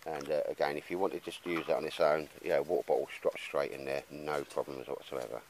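A rumbling low voice with little pitch movement carries this fast-talking outdoor gear vlogger as he chats to a handheld camera in the woodland. His talk is blokey and rambling, full of "mate," over slight background noise.

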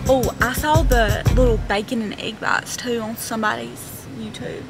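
A woman's voice: on the high side, fairly even intonation, normal speed, over music. A young woman chatting casually to her camera from inside her car, chatty and self-deprecating, with lots of fillers. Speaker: vlogger. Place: inside a parked car in a drive-thru line. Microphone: handheld camera close up.

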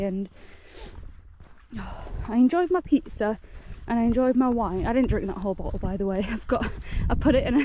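A woman's voice: on the high side, warm tone, lo-fi sound, a little hiss or hum. A woman out of breath as she hikes, talking casually to camera in a giddy, gushing way with frequent laughter. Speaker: solo hiking vlogger. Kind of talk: casual talk to camera while walking. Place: outdoors on moorland trail.

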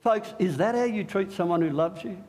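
A man's voice: high-pitched, moderate pace. A middle-aged man preaching an Easter sermon in a church, joking and drawing the congregation in. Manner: animated, joking, talks with the congregation. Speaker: pastor.

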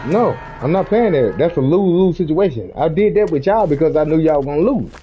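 A man gives loud, casual gaming commentary, his pitch jumping all over as he jokes and swears at his teammates. His voice comes through a slightly muffled recording. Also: expressive, fairly quick, faint music behind. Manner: loud joking trash talk, swearing. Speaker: gamer.

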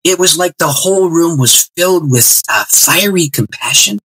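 A man's voice: a little high, moderate pace, slightly rough, rough recording. A man guest on an interview show, telling a personal story and acting out the dialogue. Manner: lively, expressive storyteller who acts out dialogue. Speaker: guest pastor.

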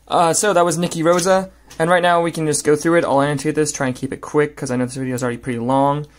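Man teaching a poem, fairly high-voiced. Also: level tone, fast. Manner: hesitant, many fillers and restarts, talking while writing. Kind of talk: annotated poem lesson.

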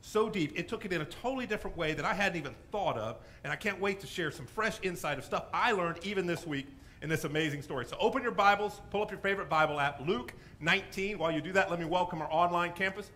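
A male pastor preaching a sermon in an animated, emphatic storytelling manner. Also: sits high, fast talker, slight background noise.

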